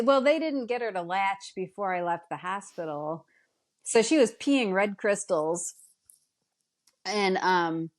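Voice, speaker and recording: A middle-aged woman, a guest mother, telling family stories in casual chat with lively, emotional retellings. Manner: animated, emotional retelling with dramatic pitch jumps. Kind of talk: casual storytelling.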